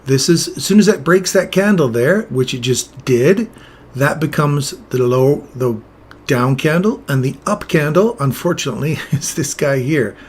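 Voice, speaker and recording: A man's voice: on the high side, lively intonation, moderate pace, breathy edge. A man explaining chart setups in casual live trading commentary, chatting with viewers as he goes. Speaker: trading streamer.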